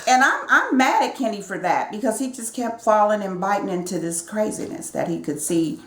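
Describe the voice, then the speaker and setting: A woman co-hosting a casual reality show recap, reacting in an animated, emphatic way. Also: medium pitch, fairly quick. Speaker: show co-host. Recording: echoey room.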